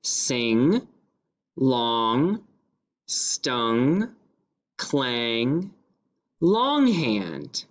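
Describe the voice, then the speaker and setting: Slow, clear-spoken male teacher. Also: medium pitch, sing-song. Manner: sounds out words slowly and clearly, repeating each one. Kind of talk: phonics dictation lesson for young pupils.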